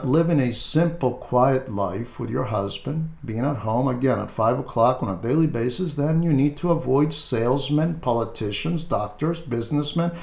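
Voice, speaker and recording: Gravelly clergyman in an echoey room. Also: on the high side, darkish tone. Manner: measured, with frequent hesitant fillers. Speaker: Orthodox clergyman. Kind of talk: pastoral advice talk.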